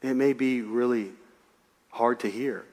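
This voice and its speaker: A man preaching a sermon in a lively, conversational way, full of humor and everyday asides. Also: mid-range voice, a little slow, in a large hall. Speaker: pastor.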